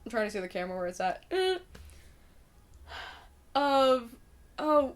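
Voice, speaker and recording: A woman's voice: fairly high pitch, sing-song, a little slow. Rambling, sweary young woman vlogger. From Indiana, United States. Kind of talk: casual chat to camera.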